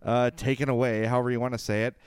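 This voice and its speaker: A sports podcast co-host from Illinois, giving opinionated hockey talk in an emphatic, repetitive, lecturing way. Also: male voice, mid-range voice, flat delivery, fast talker, a little mellow, smooth, dry recording. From Illinois, USA.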